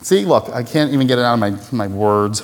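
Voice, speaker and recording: A male pastor preaching a sermon in a lively, conversational way, poking fun at himself and acting out little voices. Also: medium pitch, fairly quick, long reverb tail.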